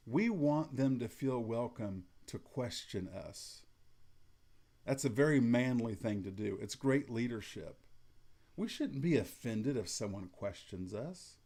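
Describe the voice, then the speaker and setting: A middle-aged man giving calm, matter-of-fact advice to umpires, acting out what to say to coaches in a flat, even tone. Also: mid-range voice, unhurried. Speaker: umpire instructor. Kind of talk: instructional talk to umpires.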